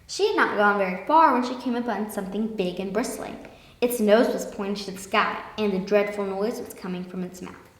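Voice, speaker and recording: A woman reading a children's picture book aloud in a lively way, slowing down for emphasis. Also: mid-range voice. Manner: lively, with slowed emphatic passages. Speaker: storyteller. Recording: echoey room with long reverb.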